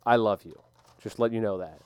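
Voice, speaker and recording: A young man co-hosting a casual sports podcast from his basement office, telling stories in an excitable, animated way. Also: lowish voice, a little fast, clean tone, no echo. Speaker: podcast co-host.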